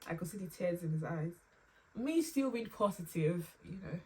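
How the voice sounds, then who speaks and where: Young woman, low-pitched, emotional storytelling, slightly distant mic. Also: expressive, a little mellow. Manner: halting and tearful, with pauses and restarts. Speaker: vlogger sharing a personal story. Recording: slightly distant mic with faint room ambience.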